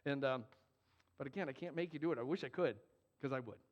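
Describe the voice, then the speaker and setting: A man's voice: medium pitch, quick pace. A man preaching as a pastor, earnest and emphatic with joking asides. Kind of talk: sermon. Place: church sanctuary. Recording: dull, long hall reverb.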